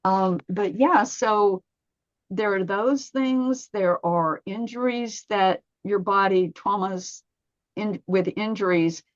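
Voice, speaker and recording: A woman's voice: mid-range voice, slow pace, no echo. Dry, dull-sounding woman telling a story. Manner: storytelling, acts out her own inner dialogue. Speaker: massage therapist guest. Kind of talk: podcast interview.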